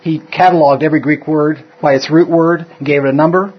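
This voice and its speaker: A man's voice: on the high side, steady tone, a little fast, slightly rough. A man teaching an informal Bible study, rambling and correcting himself as he goes, with an occasional chuckle. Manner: rambling, self-interrupting, chuckles often. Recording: dull lo-fi room recording.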